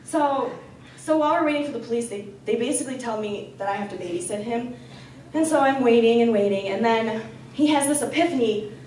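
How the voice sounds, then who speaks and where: A young woman student telling a personal story at a live storytelling event, animated and chatty, full of "like.". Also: on the high side, fairly quick, a little hiss or hum. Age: young adult. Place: campus lounge storytelling event. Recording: echoey room, voice from far off.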